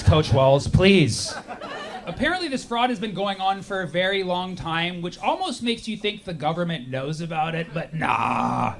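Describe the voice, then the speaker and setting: A male stand-up comedian doing a sarcastic set and slipping into quick voices. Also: high-pitched, fairly bright tone. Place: comedy venue with audience.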